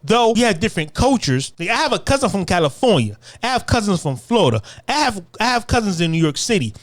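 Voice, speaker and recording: A man's voice: sits high, sing-song, fast. A man, ranting in heated, profane commentary as a channel host.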